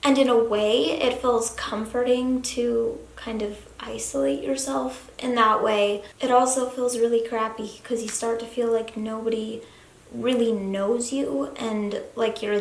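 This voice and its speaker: A young woman vlogger talking earnestly to camera in a room of a family house, soft-spoken and sometimes dropping to a hushed whisper. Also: a little high, fairly even intonation, a little slow, gravelly. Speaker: YouTube vlogger. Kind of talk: confessional talk to camera. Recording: echoey room, faint background noise.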